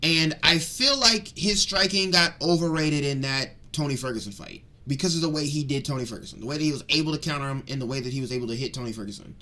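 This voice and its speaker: Young dude ranting about a fight, bright sharp voice, kinda high, gets loud then mutters. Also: male voice, fast talker, hardly any pauses. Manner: excitable, rambling, swings between loud rants and mutters. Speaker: MMA commentary vlogger. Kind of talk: fired-up casual fight breakdown.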